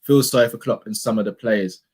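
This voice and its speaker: A young man co-hosts a fan channel's live stream, reacting after a match with a heated rant and repeating himself for emphasis. His voice is on the low side and brisk, with a darkish, slightly rough tone.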